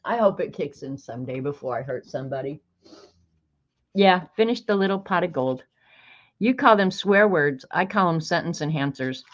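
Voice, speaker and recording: A woman's voice: low-pitched, animated, normal speed. A woman hosting a casual art livestream, chatting, greeting viewers by name and reading snarky sayings aloud. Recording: dull lo-fi stream audio.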